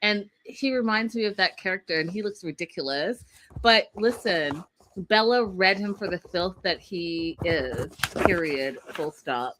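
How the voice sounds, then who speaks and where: Woman host doing a casual tv recap, bright sharp voice, keeps talking to her viewers and laughing. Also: fairly low pitch, lively intonation, unhurried, a little hiss or hum. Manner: chatty, addresses viewers directly, laughs often. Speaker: podcast co-host.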